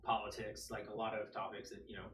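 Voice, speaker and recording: A man's voice: fairly low pitch, completely flat delivery, fast talker, a bit bright, reverberant, recorded from a distance, a little hiss or hum. A man co-hosting a podcast in casual chat, often stumbling and repeating his words. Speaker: podcast co-host.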